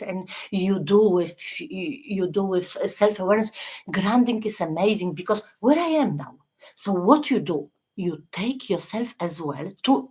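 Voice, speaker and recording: A woman giving a casual, earnest self-help talk, halting and restarting mid-phrase and often checking in with her listeners. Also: mid-range voice, husky.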